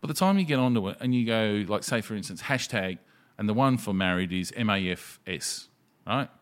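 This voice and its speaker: A man with a fairly low voice talks casually and swears freely. He tells stories with energy and acts out other people's lines as he goes. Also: brisk, smooth. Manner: sweary, animated storyteller who acts out quotes. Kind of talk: casual chat.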